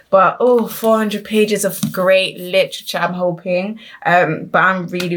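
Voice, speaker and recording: A woman's voice: fairly low pitch, a bit bright, slight background noise. A young woman in her twenties chatting casually through a book unboxing vlog, trailing off with frequent ums and restarting her sentences. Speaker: book vlogger. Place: at home.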